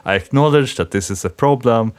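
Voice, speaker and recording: A man's voice: medium pitch, lively intonation, a little fast, clear, resonant tone, no room sound. A man hosting a programming podcast, talking in a thoughtful, hesitant way with many fillers and restarts. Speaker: podcast host. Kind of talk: casual technical conversation.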